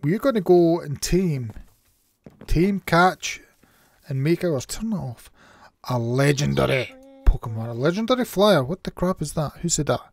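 Scottish male gaming host, casual playful commentary, measured unhurried delivery. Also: on the high side, animated, creaky, dry recording. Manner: chatty, playful, makes little sound effects.

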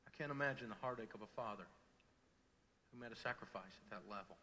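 A middle-aged man preaching a sermon, telling a personal story with swings from loud to hushed. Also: lowish voice, quick pace, in a large hall. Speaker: pastor. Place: large church hall.

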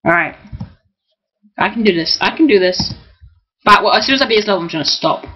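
A young man, excitably commentating his own gameplay, often swearing and shouting at the game. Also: high-pitched, fast talker, slightly rough, muffled recording. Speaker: gamer.

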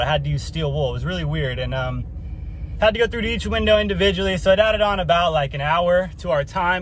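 A man talks to his phone camera in a loose, rambling way, with plenty of fillers. His voice sits a little on the high side. There is faint outdoor noise behind him as he records. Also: a bit bright. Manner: laid-back, rambling with fillers. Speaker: window cleaning business owner. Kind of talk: casual vlog narration.

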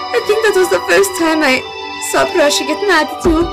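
A high-pitched woman reads a game's dialogue aloud in a melodramatic, voice-acting way and keeps breaking into laughter between lines. Loud game music plays steadily behind her voice. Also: brisk. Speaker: let's play gamer voicing game dialogue.

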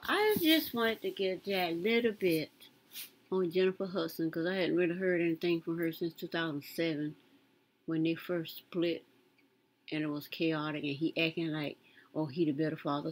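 A woman's voice: sits low, rough recording. A woman, casually commenting on a news story as she browses, muttering to herself and reading aloud with emphasis. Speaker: content creator reading news.

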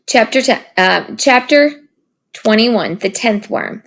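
A woman teacher reading a chapter book aloud and then asking comprehension questions, slow and patient with some fillers. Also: a little high, expressive, creaky, a bit bright.

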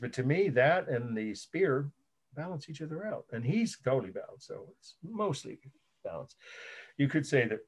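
A middle-aged man teaching an art history class at an ordinary pitch. He rambles, corrects himself mid-sentence and spells out new terms letter by letter for his students. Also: husky. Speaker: college art history lecturer. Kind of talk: recorded online lecture.

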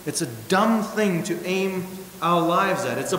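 A male pastor preaching a sermon with emphatic points and wry asides, swinging from loud stresses to hushed remarks. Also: high voice, moderate pace. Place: church hall. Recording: echoey church hall with hiss.

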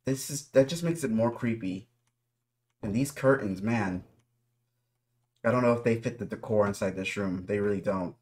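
A man's voice: lowish voice, normal speed, long pauses, a little mellow. A man giving nervous running commentary while playing a horror game, talking straight to his viewers. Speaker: gaming YouTuber.

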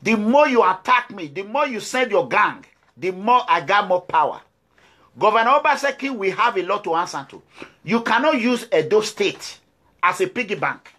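A man's voice: high-pitched, sing-song, moderate pace, pushed and bright. A Nigerian man speaking English with a Nigerian accent, giving a fiery, defiant address to his followers with repeated declarations. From Nigeria (Edo State). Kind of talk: impassioned video address.

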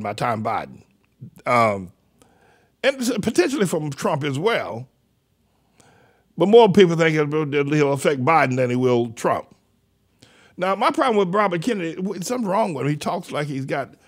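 Older man rambling in sardonic commentary. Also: fairly high pitch. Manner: meandering, trails off mid-sentence, many restarts and asides; mocking, sardonic. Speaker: radio show host.

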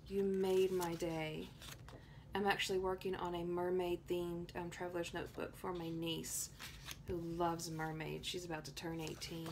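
A woman from Tennessee gushing excitedly as she opens happy mail at home in a casual vlog. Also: on the low side, a little slow, slight background noise. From Tennessee, USA. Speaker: planner vlogger.

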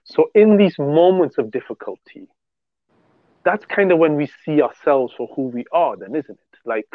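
A man's voice: on the high side, expressive, moderate pace, no echo. A man on a podcast, telling a religious story in a rambling, casual way with many restarts. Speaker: podcast co-host. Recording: tinny phone-like dry sound.

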